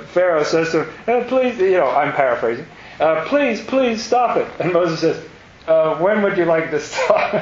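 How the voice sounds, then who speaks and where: A man's voice: on the high side, fairly bright tone. A man teaching a Bible study class, thinking aloud in a questioning, emphatic way with frequent restarts. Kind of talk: classroom scripture discussion. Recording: roomy, dull, faint hiss.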